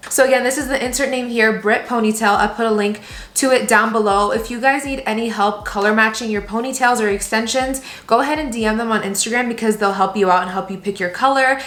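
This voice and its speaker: A woman's voice: fairly high pitch, steady tone, fast talker, fairly bright tone, reverberant. A young woman chatting casually through a hair and makeup tutorial at home, upbeat and full of product recommendations. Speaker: beauty vlogger. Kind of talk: casual get-ready-with-me tutorial. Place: room at home.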